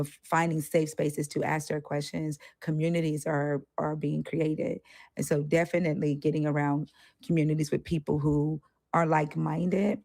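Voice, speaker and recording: A woman's voice: deep voice, creaky, dark tone, dry recording. Candid, profane woman co-host. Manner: candid and profane, acts out quoted voices. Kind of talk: casual discussion.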